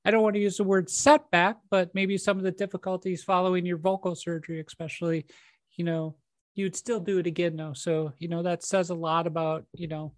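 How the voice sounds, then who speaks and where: A woman's voice: fairly low pitch, little pitch movement, brisk, dry recording. A woman hosting a podcast, chatting casually and encouragingly with her guest, using lots of fillers. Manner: warm, encouraging, conversational with many fillers. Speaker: podcast host. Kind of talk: casual chat.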